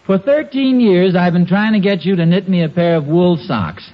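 A man's voice: sits high, lively intonation, normal speed. A man acting a sheepish, stammering husband in a 1940s radio sitcom, muffled old recording.

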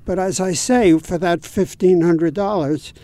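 Mellow-voiced man explaining steadily. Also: sits high. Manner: measured, explanatory. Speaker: guest from a home repair volunteer group. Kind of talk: interview answers.

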